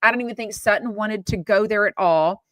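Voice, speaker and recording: A Texan woman hosts a podcast of casual gossip commentary, blunt, chatty and opinionated, swearing casually. Her mid-range voice runs a little fast with a fairly bright tone and no echo.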